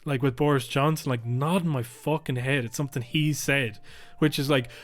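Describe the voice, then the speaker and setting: A man co-hosting a podcast, talking heatedly and swearing freely, sometimes mimicking politicians in sharply higher voices, close on a microphone. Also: steady tone, normal speed. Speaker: podcast co-host. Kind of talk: casual political chat. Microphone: podcast microphone close to mouth.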